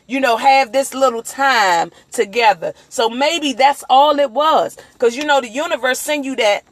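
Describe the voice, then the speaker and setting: A woman hosting a casual motivational livestream on her phone, talking in a rambling, animated way and acting out the voices of people she quotes. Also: sits high. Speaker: livestream host.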